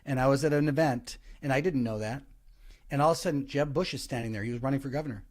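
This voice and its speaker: A man, a comedian guest on a podcast, telling stories in an animated way, with frequent restarts. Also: mid-range voice, fast. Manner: animated storytelling, many restarts. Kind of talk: casual podcast chat.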